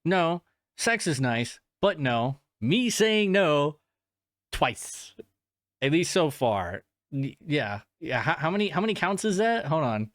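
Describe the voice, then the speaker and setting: A man's voice: fairly high pitch, very animated, unhurried, no room sound, clean studio sound. A man hosting a podcast, telling a story in a casual, rambling way, swearing often and laughing at himself. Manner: rambling and profane, with frequent restarts and filler; self-deprecating, laughing at himself. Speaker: podcast host.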